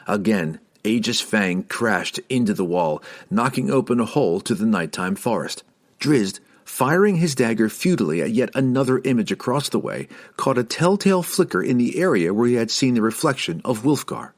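A man's voice: medium pitch, sing-song, moderate pace. A man reading a fantasy novel aloud as scripted narration, dramatic and rising on tense moments. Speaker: audiobook narrator.

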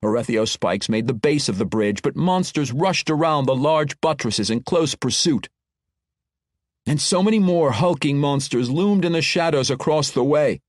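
A man narrating an epic fantasy audiobook in an expressive, dramatic reading. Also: a little high, moderate pace, dry recording, clean studio sound. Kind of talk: scripted narration.

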